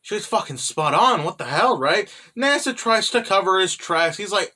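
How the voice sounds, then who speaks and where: High, bright-voiced young man recapping. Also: expressive, normal speed, few pauses. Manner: rambling, full of "you know" and "right?". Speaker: manga recap YouTuber. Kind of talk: casual chapter recap.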